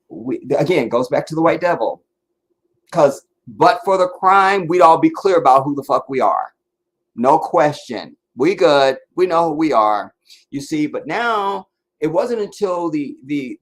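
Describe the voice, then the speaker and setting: A livestream host answers his chat while seated before the camera. His manner is blunt and forceful, swinging between quiet mutters and pushy, emphatic assertions.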